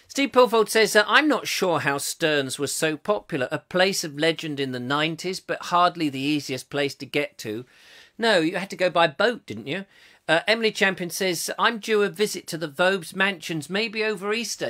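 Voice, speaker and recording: A man's voice: high-pitched, animated, normal speed, sharp tone. A man from England hosting a comic live chat show, reading out viewer comments and rambling off into jokes. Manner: rambling, jokey, slips into silly voices. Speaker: host.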